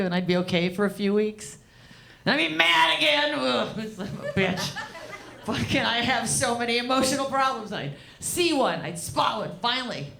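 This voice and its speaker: A woman performing a stand-up comedy set, deadpan and profane, riffing with the crowd from a club stage. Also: a little high, moderate pace, creaky, a little hiss or hum.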